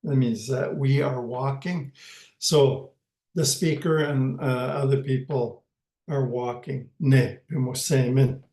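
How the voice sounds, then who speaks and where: A man teaching a language lesson in a slow, patient way, repeating each word and checking in with "okay" as he goes. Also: mid-range voice, steady tone, dark tone, reverberant.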